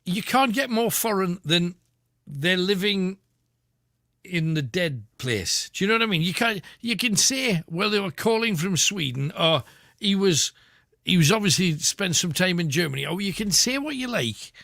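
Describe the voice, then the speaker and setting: Gravelly male radio host giving calm advice. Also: sits high, no echo, clean studio sound. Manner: measured, reassuring advice. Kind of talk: talk radio phone-in.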